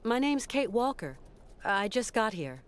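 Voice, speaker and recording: An actress playing a composed, persistent female traveller in a video game, polite, measured and firm. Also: a little high, big pitch swings, clean tone.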